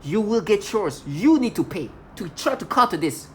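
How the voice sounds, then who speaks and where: A woman's voice: medium pitch, very animated, normal speed, slight background noise. A woman in an agitated, accusatory monologue, rambling and restarting as she vents to the camera. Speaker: video blogger.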